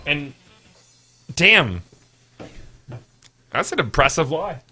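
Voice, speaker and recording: A man chatting casually as podcast co-host, excitable and swearing in his reactions. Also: a little high, drawn-out words, slightly rough. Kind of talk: casual chat.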